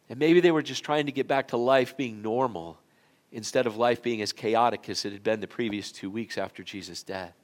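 A male pastor giving a sermon in an auditorium. He tells the story in a relaxed, folksy way, often swinging from loud to quiet. His voice sits in a mid-range pitch. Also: brisk. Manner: conversational, folksy storytelling with big swings in loudness.

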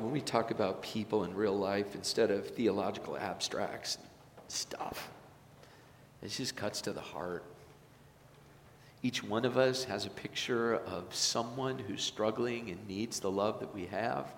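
Earnest male pastor in an echoing church. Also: fairly low pitch. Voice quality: earnest, tender preaching. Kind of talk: sermon. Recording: echoey church hall, faint noise.

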